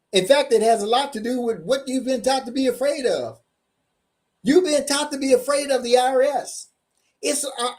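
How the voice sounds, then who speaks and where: A man giving a motivational seminar presentation as a tax coach, emphatic, repeating key points slowly and firing questions at his audience. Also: very high voice, darkish tone.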